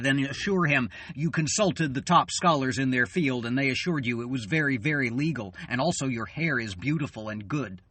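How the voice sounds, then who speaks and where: A man in an angry, swearing political rant, tired and fuming, halting and then bursting out loud. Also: mid-range voice, husky, dry recording. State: weary and fuming. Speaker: channel host.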